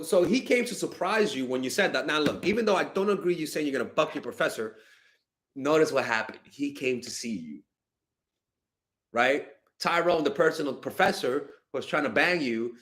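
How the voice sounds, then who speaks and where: A young man coaches fans on dating in a loose, unscripted stream. His voice sits fairly high and swings widely, and his delivery is blunt and exasperated, with casual swearing. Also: animated, normal speed, fairly bright tone. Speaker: dating coach answering fan questions. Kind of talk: casual livestream advice.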